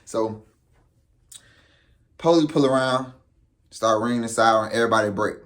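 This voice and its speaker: In a mid-range voice at normal speed, a young vlogger tells a story in a casual way. He's lively, swears in street slang and performs the quoted dialogue.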